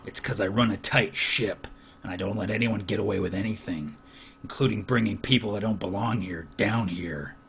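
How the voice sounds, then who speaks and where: A man voicing a stern, gruff male dwarf foreman who scolds curtly. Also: on the low side, moderate pace, a bit bright, slight background noise, pitched below the performer's own voice. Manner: curt, scolding.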